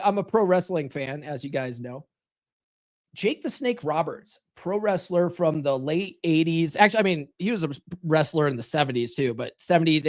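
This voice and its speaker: A man hosting a live stream, talking casually in a blunt, profane, coaching tone. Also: high-pitched. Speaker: live stream host giving dating advice.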